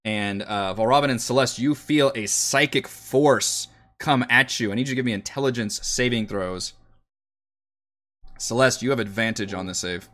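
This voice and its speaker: A man narrating a tabletop game as game master, slow and full of fillers. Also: mid-range voice, a bit bright.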